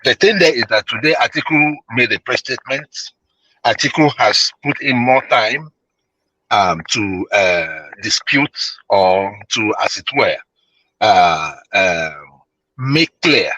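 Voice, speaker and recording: A male caller giving opinionated commentary on a call-in show, animated and emphatic, with many fillers and repeated words. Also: on the low side, measured pace, dry recording, low-quality recording.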